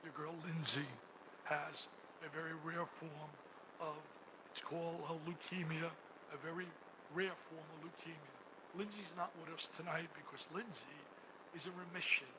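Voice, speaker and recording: Older man, high-pitched, gala host, fundraising speech, booming then hushed, muffled recording with room noise. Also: steady tone, normal speed. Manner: booming, swings between shouting and hushed tones. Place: hotel ballroom.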